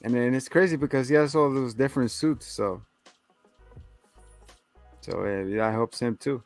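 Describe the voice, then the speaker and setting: A man's voice: medium pitch, normal speed, faint music behind. A man co-hosting a casual movie review chat, rambling through a plot recap with filler words and swearing. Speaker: podcast co-host.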